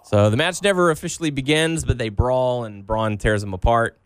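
A man's voice: mid-range voice, normal speed, clear, resonant tone. A man co-hosting a casual wrestling podcast, recapping matches with lots of ums and playful quotes. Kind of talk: casual chat.

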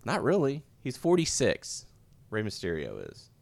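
A man with a low voice that rises and falls a lot, making his case in a measured, analytical way. He sounds close and dry, with no room echo. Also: wildly swooping pitch, gravelly, darkish tone. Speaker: podcast co-host. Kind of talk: casual wrestling chat.

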